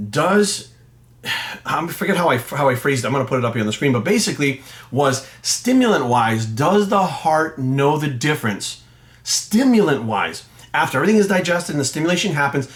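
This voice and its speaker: A middle-aged man with a slightly raised voice rants to camera as a fitness coach. His talk is blunt and full of swearing, and he keeps it animated as he tells his story. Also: on the high side. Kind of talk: ranting monologue to camera.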